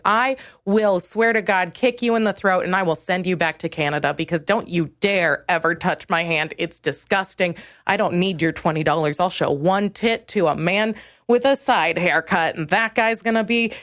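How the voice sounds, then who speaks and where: A woman comedian hosting her own podcast, delivering a crude, acerbic monologue that keeps leaping up in pitch. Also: no echo, clean studio sound. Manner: crude, acerbic ranting with sudden high jumps in pitch.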